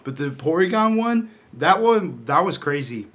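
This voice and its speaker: A man in his twenties on a casual podcast with friends, an animated storyteller who laughs while sharing trivia. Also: fairly high pitch, moderate pace. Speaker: podcast co-host. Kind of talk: casual chat among friends.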